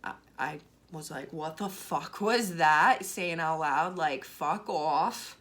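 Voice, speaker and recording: A woman's voice: low voice, slow, fairly bright tone. A young woman with a Boston accent, a tarot reader telling a personal story in a candid, rambling way, swearing freely and saying "like" often. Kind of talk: casual storytelling vlog.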